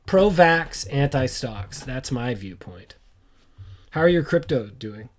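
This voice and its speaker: A man's voice: medium pitch, animated, slow pace. A man hosting a casual solo podcast, rambling and joking at his own expense, with lots of fillers and asides. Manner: rambling, joking, self-deprecating; frequent fillers and trailing asides. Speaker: podcast host.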